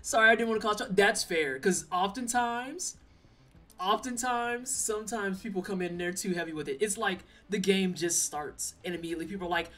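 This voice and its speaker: This young adult is streaming a game live, loosely joking and teasing chat in playful, chatty, casual commentary. The medium-pitched voice has a sharp tone. A slightly distant mic picks up faint game music too.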